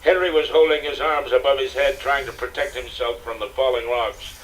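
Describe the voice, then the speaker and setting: An older man narrating an audiobook in a steady, dramatic storytelling manner, on a distant, hissy cassette recording. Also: medium pitch, moderate pace. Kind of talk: scripted narration.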